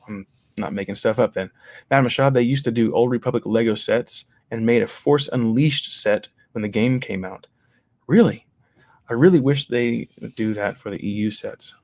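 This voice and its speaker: A man's voice: mid-range voice, moderate pace, a little mellow, dry recording. A man in his thirties hosting a livestream, chatting casually about toys as he reads out viewer comments, rambling with many fillers and restarts. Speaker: livestream host.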